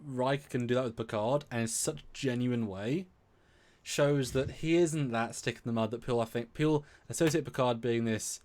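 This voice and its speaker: A man with a mid-range voice co-hosts a live review stream in an animated, chatty way. He often acts out lines in put-on voices as he talks. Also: medium pitch, moderate pace. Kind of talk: casual live discussion.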